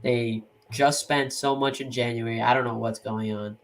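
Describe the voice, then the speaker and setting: A man's voice: medium pitch, fairly even intonation, normal speed. A man speaking emphatically and with exasperation in a casual sports podcast.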